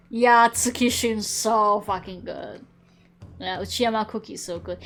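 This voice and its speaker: A young woman streamer chatting casually over a game, excitable and gushing, swearing freely. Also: medium pitch, measured pace. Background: faint game music.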